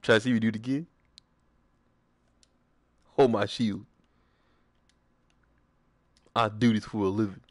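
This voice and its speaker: Speaking in a lowish, steady voice, unhurried and with frequent pauses, a young man chats with friends while gaming, recorded without echo. As a streamer, he jokes, swears, and hums small tunes.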